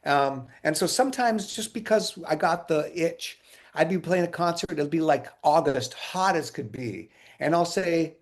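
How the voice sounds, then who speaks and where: A man being interviewed, telling casual stories in an animated way, acting out quotes and often laughing. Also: a little high, brisk. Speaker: interview guest, musician.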